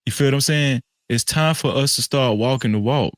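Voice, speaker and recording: A man on a podcast panel, lecturing and swinging from low murmurs to shouts. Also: a little fast, dry recording, studio quality. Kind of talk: heated panel talk. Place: live-stream podcast studio.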